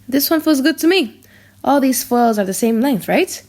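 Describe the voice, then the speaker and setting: A woman's voice: sits high, expressive, normal speed, darkish tone. A woman reading the lines of a bitter young prince in an audiobook drama, wry and cutting.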